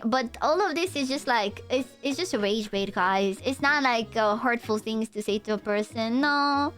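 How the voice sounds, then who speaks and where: A woman's voice: a little high, moderate pace, few pauses, a bit bright, soft background music. A young woman with a Romanian accent, chatting casually and teasingly with her viewers as a live streamer. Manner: playful, teasing, rambling. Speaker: VTuber streamer.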